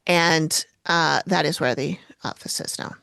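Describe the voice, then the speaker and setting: A woman with a fairly low voice co-hosts a podcast and recaps a show in loose, casual chat. She swears freely and tosses in dry asides. The sound is very dry and close. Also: unhurried, vocal fry, sharp tone, no echo. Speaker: podcast co-host.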